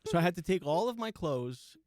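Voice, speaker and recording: A comedian in his forties rambles through his anecdotes, chuckling as he talks. His voice sits somewhat high for a man, and the recording is dry with no room sound. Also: sing-song, brisk, a little mellow, no echo. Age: 40s. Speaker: host. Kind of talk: comedic storytelling chat.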